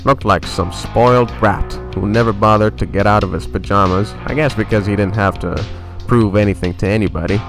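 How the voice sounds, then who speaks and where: A man telling a short spoken story in a wry, deadpan, self-mocking way. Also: fairly low pitch, brisk. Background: soft guitar music.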